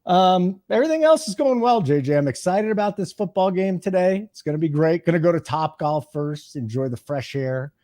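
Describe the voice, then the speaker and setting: Deadpan teasing male host. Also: sits high, a little fast, hardly any pauses. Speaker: show host. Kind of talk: casual chat.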